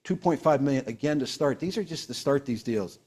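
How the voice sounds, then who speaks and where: A man in his sixties, hosting a casual company sales broadcast, talking in animated, quick storytelling bursts. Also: mid-range voice, slightly rough.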